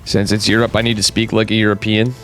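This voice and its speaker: A man's voice: lowish voice, little pitch movement, quick pace, fairly bright tone, soft background music. A man with a cold giving casual, chatty live commentary on a strategy game, talking straight to his viewers with jokey asides. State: has a cold. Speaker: esports caster.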